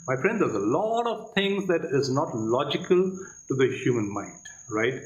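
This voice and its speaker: A man's voice: medium pitch, big pitch swings, normal speed, echoey room, dull audio. A man giving Catholic opinion commentary, emphatic, asking rhetorical questions and calling the listener "my friend". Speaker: Catholic commentator reviewing a debate.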